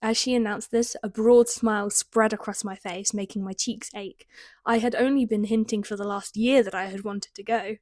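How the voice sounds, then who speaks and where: Reading her own teenage novel aloud, this young woman from Britain keeps interrupting herself with dry, self-deprecating jokes. Her medium-pitched voice is steady and a little mellow, at a normal speed, with no room sound.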